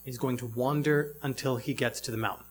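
A man's voice: medium pitch, steady tone, fairly quick, soft background music. A man preaching a sermon in a reflective way, asking many rhetorical questions.

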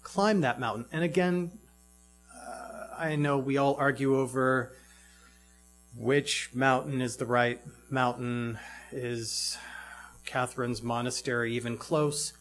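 Guy giving a sermon, mid pitch, asks lots of questions, soft music behind. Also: fairly even intonation, slow pace. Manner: reflective, asks many rhetorical questions. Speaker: preacher.

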